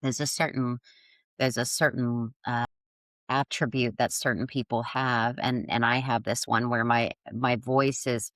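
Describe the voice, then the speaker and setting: A woman's voice: extremely low pitch, little pitch movement, a little slow, fairly bright tone, dry recording. A middle-aged woman speaking as a podcast guest in casual conversation, reflective and searching, often restarting her sentences. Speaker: guest, yoga and somatic healing teacher.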